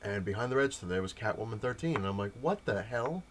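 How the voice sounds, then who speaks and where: A young man with a lowish voice tells a rambling story, packed with fillers and quoted back-and-forth. A faint hum sits under the recording. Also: animated, fast. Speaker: comic collector vlogger. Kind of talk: casual update rant to camera.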